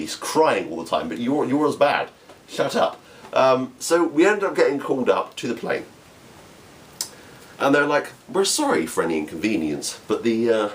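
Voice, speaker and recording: A young man from England with an English accent, telling an observational comedy story with frequent laughs and stammering restarts. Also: on the low side. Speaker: amateur comedian.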